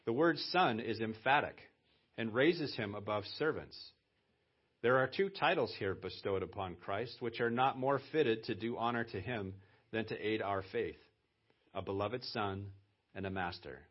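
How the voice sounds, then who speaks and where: A male pastor with a low, husky voice delivers a sermon in a relaxed, conversational way and leans hard on key phrases when he wants to stress them. The church recording sounds dull and lo-fi, with the top end rolled off. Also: measured pace.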